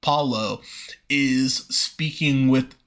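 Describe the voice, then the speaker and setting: A man hosting a movie review podcast, talking casually with frequent pauses and restarts. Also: mid-range voice, steady tone, fairly bright tone. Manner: conversational, frequent fillers and restarts. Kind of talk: casual spoken film review.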